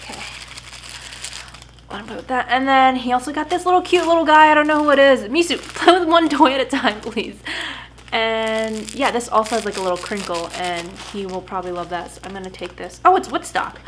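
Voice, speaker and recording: A woman's voice: a little high, brisk, a bit bright, slight background noise, poor audio. A young woman in her twenties chatting casually at home through a camera mic, often breaking off to scold and praise her puppy. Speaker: vlogger. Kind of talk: casual unboxing vlog.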